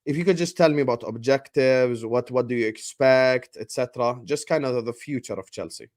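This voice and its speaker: A man from the Middle East hosting a live stream in casual chat, lively and animated as he reads out viewer messages. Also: mid-range voice, a little fast. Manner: lively, animated, hyped shout-outs. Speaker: podcast host.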